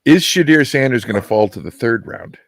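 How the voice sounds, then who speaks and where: A man's voice: medium pitch, animated, fairly quick, vocal fry, no room sound. A man talking sports as a guest, chatty and telling stories casually. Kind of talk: casual chat.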